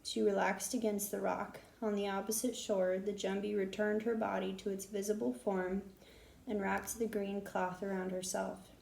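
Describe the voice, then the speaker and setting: A woman reads a children's storybook aloud, steady and expressive, in a gravelly, mellow voice. The recording has a roomy echo around her. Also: mid-range voice, normal speed. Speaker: audiobook narrator. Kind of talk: storybook reading.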